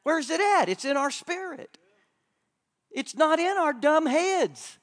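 A man preaching a sermon at a church conference, joking with the crowd and swinging between loud bursts and quiet asides. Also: very high-pitched, expressive, takes it slowly.

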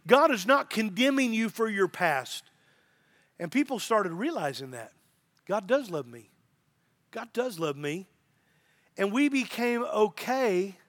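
A man's voice: sits high, a bit bright. A middle-aged man, a pastor, preaching a sermon with emphasis and repeated phrases.

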